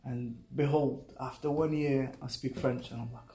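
A young man, a native Arabic speaker, telling his story in a relaxed, casual conversation and acting out the people he quotes. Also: medium pitch, moderate pace, reverberant. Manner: relaxed, uses "like" and "bro", acts out quotes. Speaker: guest.

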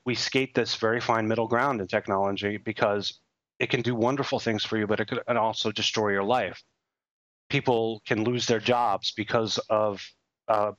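A man's voice: lowish voice, a bit bright, no room sound, low-quality recording. A man co-hosting a podcast in casual chat, rambling and self-mocking with frequent chuckles. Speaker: podcast co-host.

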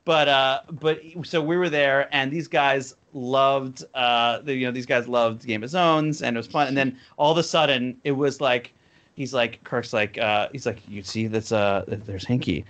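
A man's voice: medium pitch, moderate pace, fairly bright tone, highs cut off. Rambling man telling stories. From New Jersey. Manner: rambling, lots of fillers. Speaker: podcast guest, cartoon creator. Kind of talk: casual storytelling.

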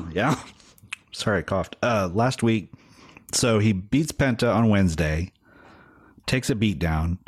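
A man with a notably deep voice chats casually as a podcast co-host. He rambles a bit, leaning on fillers as he thinks aloud. The sound is dry and close, with no room around it. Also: slow pace, pauses often, husky, no room sound. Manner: relaxed, rambling, hedging with fillers. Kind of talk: casual wrestling chat.

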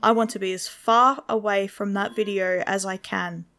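A woman's voice: medium pitch, fairly even intonation, pushed and bright. A woman voicing a terse, impatient man who gives curt, grim advice. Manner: curt, blunt, no pauses.

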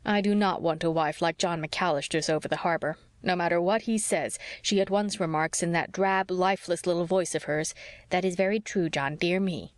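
A woman's voice: on the low side, fairly even intonation, normal speed, dry recording, lightly acted. A woman voicing a teasing young husband, a doctor, who talks in a mocking, dry way, for an audiobook.

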